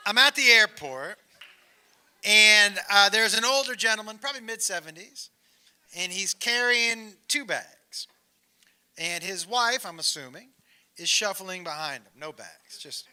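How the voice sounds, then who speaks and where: A man doing stand-up storytelling on stage, animated and profane, laughing through his punchlines. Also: high-pitched, slow, pauses often. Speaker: stand-up comedian.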